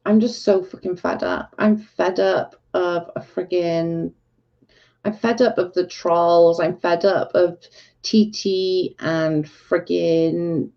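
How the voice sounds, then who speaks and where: A woman hosting a casual livestream, ranting in exasperation and saying "like" a lot. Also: on the low side. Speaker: livestream host. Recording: dull lo-fi stream audio.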